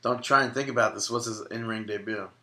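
A man's voice: on the low side, steady tone, quick pace, pushed and bright. A man co-hosting a podcast, chatting casually and joking around with his co-host. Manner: joking, banters. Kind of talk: casual chat.

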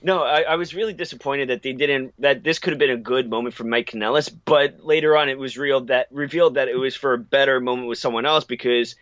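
A man's voice: medium pitch, quick pace, hardly any pauses, a bit bright, no echo. An opinionated man co-hosts a casual podcast and talks in long, rambling takes. His voice is dry and a little dull, as if from a lo-fi mic. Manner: opinionated, rambling, restarts often. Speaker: podcast co-host. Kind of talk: casual wrestling chat.

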